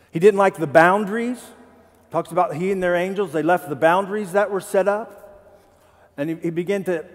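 A man pastor preaching a sermon in a church, animated and joking, asking the congregation questions. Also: high voice, big-room sound. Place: church sanctuary.

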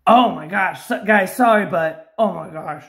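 An excitable man vlogging his scratch-off tickets, breaking into loud repeated cries and catchphrases. His voice sits high and stretches words out slowly. The room around him rings with echo. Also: gravelly. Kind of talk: live reaction while scratching tickets. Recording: roomy echo.

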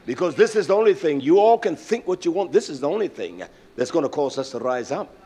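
An older man preaching a sermon as pastor, swinging from shouted climaxes to hushed storytelling, with frequent "uh" fillers. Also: on the high side, big pitch swings, quick pace, a crowd in the background.

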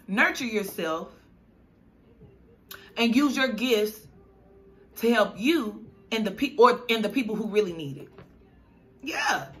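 Bright-voiced woman giving an emotional tarot reading. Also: mid-range voice. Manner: emotional, repetitive, affirming. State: choked up, near tears. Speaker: tarot reader.

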